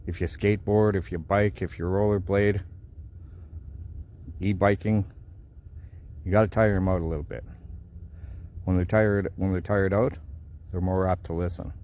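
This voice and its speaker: A man's voice: sits low, steady tone, moderate pace, long pauses, a little mellow. A man explaining dog training in a casual, folksy way, often checking in with "right?". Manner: folksy, repeats himself, asks "right?". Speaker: dog owner teaching training. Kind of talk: casual instructional vlog.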